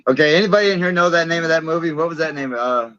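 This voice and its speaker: A man's voice: on the high side, rapid-fire, a bit bright, smooth, no room sound, muffled recording. A man appearing as a guest, joking and teasing in easygoing banter.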